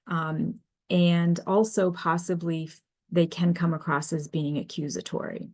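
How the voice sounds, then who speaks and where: A middle-aged woman, a business advisor and HR consultant, giving a webinar presentation in a measured, explanatory way with frequent ums. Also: on the low side, darkish tone.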